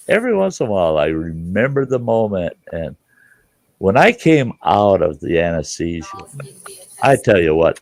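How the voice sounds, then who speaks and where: A man's voice: deep voice, dry recording. A man hosting a casual livestream chat, telling rambling, profane stories. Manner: rambling, profane, lively storyteller. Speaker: livestream host.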